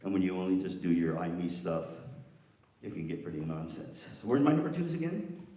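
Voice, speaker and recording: Energetic man leading a hall workshop. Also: sits low, a little fast. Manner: energetic, coaching participants through a partner exercise. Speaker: workshop presenter. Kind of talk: interactive workshop with audience exercise. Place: large hall with an audience. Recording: far-off echoey hall with room noise.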